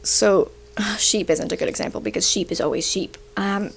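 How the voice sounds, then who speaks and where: Speaking at a moderate pace in a creaky, medium-pitched voice, a young woman at university chats her way through grammar and statistics, hiccuping and often finishing with "right?" Slight background noise sits under this casual explainer rant.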